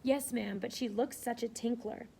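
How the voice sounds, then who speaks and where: A woman's voice: fairly high pitch, steady tone, moderate pace, vocal fry, mellow, breathy edge. A woman reading aloud, voicing a nervous, deferential male footman.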